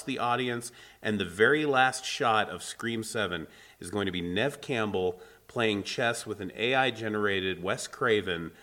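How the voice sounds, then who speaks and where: Male podcast co-host, lowish voice, wordy, self-correcting film talk. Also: sharp tone. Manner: wordy, self-correcting, builds points in long lists. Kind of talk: casual movie review chat.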